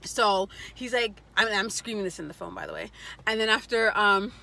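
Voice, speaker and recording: A woman's voice: mid-range voice, moderate pace, bright, forceful tone. A young adult woman vlogger telling a casual story, blunt and profane, acting out what other people said.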